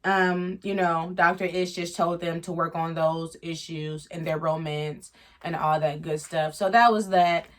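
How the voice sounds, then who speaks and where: A woman's voice: lowish voice, fairly even intonation, a little slow. A woman giving a blunt, slangy, opinionated recap of a reality show in casual commentary. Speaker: reality TV reviewer.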